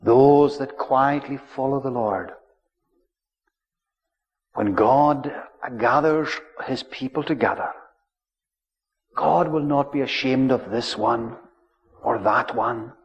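Guy preaching real slow and solemn, dull lo-fi tape, big church echo. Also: medium pitch. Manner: measured, solemn, drawing out key words. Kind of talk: sermon. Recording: dull lo-fi recording, long church reverb.

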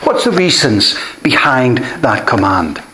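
A man's voice: mid-range voice, very animated, unhurried, sharp tone. A man preaching a sermon, earnest and emphatic, often repeating key phrases for weight. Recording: echoey room.

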